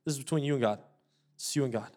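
A man's voice: medium pitch, fast talker, a little mellow. A young adult man preaching a sermon with an altar call, earnest and pleading, repeating words for emphasis. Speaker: pastor.

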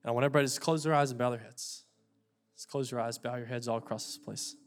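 A man's voice: mid-range voice, steady tone, very fast. A young adult man preaching a sermon with an altar call, earnest and pleading, repeating words for emphasis. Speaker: pastor.

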